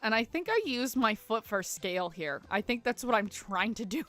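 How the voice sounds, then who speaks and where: A woman's voice: fairly high pitch, animated, moderate pace, a bit bright, faint music behind. A young woman streaming, talking in a rambling, chatty way with many fillers. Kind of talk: casual live-stream chat while editing photos.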